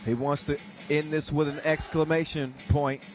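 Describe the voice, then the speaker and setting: A man giving live, joking commentary on a dunk contest, excitable and chuckling between calls. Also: on the high side, moderate pace, over music.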